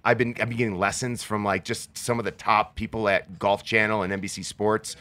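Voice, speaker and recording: Fast, bright-voiced excitable male guest. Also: fairly low pitch. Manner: excitable, animated storyteller. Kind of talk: casual interview chat.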